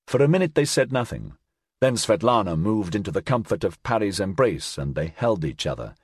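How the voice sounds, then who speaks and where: A man narrating an audiobook with expressive storytelling. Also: on the low side, a little fast, slightly rough, no room sound, studio quality.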